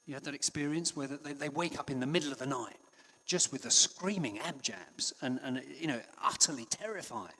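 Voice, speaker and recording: Husky preacher in a reverberant hall. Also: male voice, mid-range voice, expressive, a little fast. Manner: conversational, with frequent restarts and soft hushed passages. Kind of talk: sermon.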